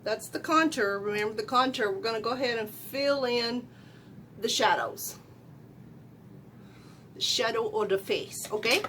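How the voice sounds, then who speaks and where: A middle-aged woman walks viewers through her makeup in a chatty, folksy way. Her voice sits a little high and she talks loudly, checking in with "okay?" and "right?" as she goes. A faint rumble hums behind her at home. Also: unhurried, pauses often. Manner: chatty, loud and folksy, asks viewers questions. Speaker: beauty vlogger. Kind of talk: casual makeup tutorial.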